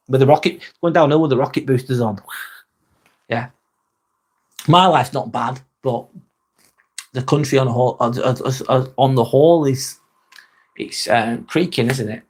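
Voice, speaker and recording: A man's voice: mid-range voice, unhurried, long pauses. An English man hosting a casual live-stream chat, joking, teasing himself and swearing freely. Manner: sweary, joking and self-mocking.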